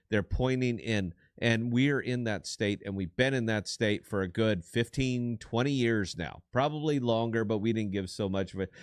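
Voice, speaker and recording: A man's voice: mid-range voice, dry recording, studio quality. A middle-aged man co-hosting a political podcast, giving blunt, profane and emphatic commentary. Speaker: podcast co-host.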